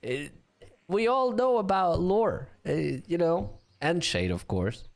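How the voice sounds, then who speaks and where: A chatty male game commentator with a slightly roughened voice. His pitch swings widely as he calls the fights and banters with chat. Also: very animated, slow pace. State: voice getting rough. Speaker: league commentator.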